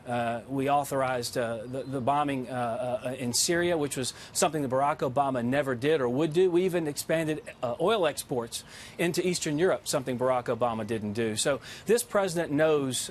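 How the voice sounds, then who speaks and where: A man, a deputy White House press secretary, answering questions as a TV news interview guest in a steady talking-points style with many filler pauses. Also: medium pitch, a little hiss or hum.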